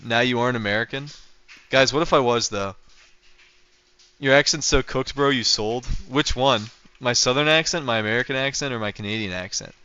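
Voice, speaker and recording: A man's voice: mid-range voice, moderate pace, long pauses, pushed and bright, clear, resonant tone, dull audio. A young man livestreaming a game, chatting casually and teasing his viewers as he answers them. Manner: joking, teasing, reacting to chat. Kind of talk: casual livestream chat while playing.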